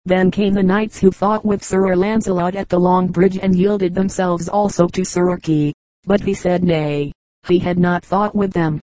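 A woman narrating an audiobook in a measured storytelling manner. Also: on the low side, fairly even intonation, mellow, dry recording, low-quality recording. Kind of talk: audiobook reading.

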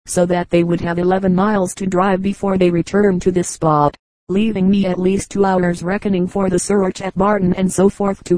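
A woman reading a novel aloud as a steady, even audiobook narrator. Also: lowish voice, no room sound, rough recording. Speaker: audiobook reader.

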